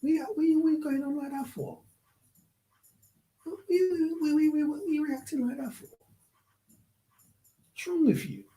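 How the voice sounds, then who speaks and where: A man putting on a high, squeaky, mocking voice to play a callous young male doctor who stammers in disbelief. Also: fairly even intonation, unhurried, long pauses, dark tone, rough recording. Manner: stammering, incredulous.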